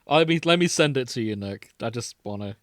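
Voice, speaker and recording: A man's voice: mid-range voice, animated, dry recording. Giggly young man, dry sound. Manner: laughs often, quick asides. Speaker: podcast host. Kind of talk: casual chat.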